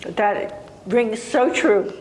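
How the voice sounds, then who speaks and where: A woman's voice: on the high side, lively intonation, drawn-out words. A woman hosting a podcast, asking her guest questions and reacting with short remarks. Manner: brief, responsive interjections and questions. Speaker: podcast host. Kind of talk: interviewing a guest. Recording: roomy with long reverb.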